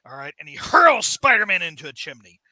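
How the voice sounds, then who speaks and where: Guy hosting a comic review podcast, high bright voice, jokey, dry close mic. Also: fairly quick. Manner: jokey, animated, acts out scenes. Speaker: podcast host. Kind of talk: casual comic book review chat.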